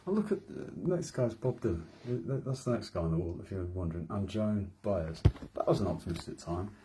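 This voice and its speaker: Midlands guy in his 30s, deep mellow voice, wandering late night vlog chat, laughs at himself a lot. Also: lively intonation, brisk, slight background noise. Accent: English Midlands. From English Midlands. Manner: meandering, self-mocking, chuckling asides. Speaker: vlogger. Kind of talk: late-night rambling monologue. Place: home room at night.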